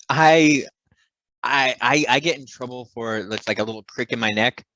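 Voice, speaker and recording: A man's voice: medium pitch, a little slow, no room sound, low-quality recording. Rambling comedic storyteller man, dry sound. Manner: rambling, self-interrupting, animated storyteller. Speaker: podcast co-host.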